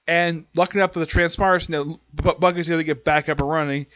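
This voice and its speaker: A man's voice: a little high, a little fast, few pauses, a bit bright, no echo. A man casually recapping anime episodes in a rambling way, with lots of fillers and restarts. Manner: rambling, filler-heavy retelling. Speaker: anime reviewer. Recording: dull lo-fi dry sound.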